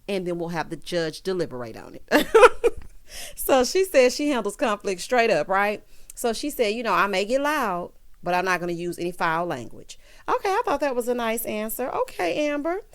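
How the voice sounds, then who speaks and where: A woman hosting a casual reality show recap, sassy and chatty, acting out the people she quotes. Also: mid-range voice. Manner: sassy, chatty, animated quoting of others. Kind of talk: casual commentary.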